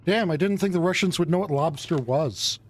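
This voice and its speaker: A man's voice: fairly high pitch, moderate pace. A man streaming a game, making casual, self-mocking jokes between reading lines. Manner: joking, self-mocking asides. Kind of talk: casual gaming commentary.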